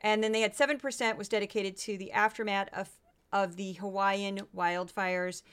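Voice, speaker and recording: A woman's voice: medium pitch, fairly even intonation, normal speed, a bit bright, clear, resonant tone. A tired woman hosting a solo podcast, chatting through statistics with self-deprecating asides. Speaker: podcast host. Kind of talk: casual solo podcast commentary.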